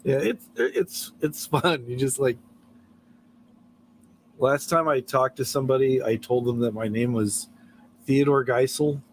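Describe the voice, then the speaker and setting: A man's voice: medium pitch, fairly even intonation, unhurried, pauses often, a little hiss or hum, low-quality recording. A man hosting a casual late-night livestream, telling stories and chuckling often as he talks. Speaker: livestream host.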